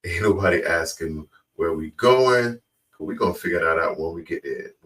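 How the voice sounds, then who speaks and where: A man with a very deep voice gives laid-back commentary with preachy asides. He sounds a little distant from the mic. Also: normal speed, fairly bright tone. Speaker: reaction video host. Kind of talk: casual commentary. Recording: voice a bit far from the mic.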